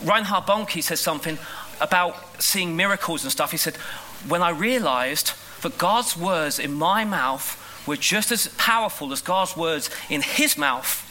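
A man preaching a sermon in an animated, emphatic way, rushing through asides and slowing down on key lines. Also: fairly high pitch, a little hiss or hum, rough recording. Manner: animated, emphatic, shifts between quick asides and slow stressed lines. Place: school hall.

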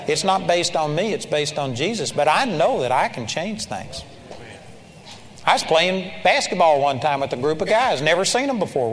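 An older man preaching a sermon, telling personal stories with animated energy and sudden loud shouts of praise. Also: on the high side. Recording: church hall reverb with faint ambience.

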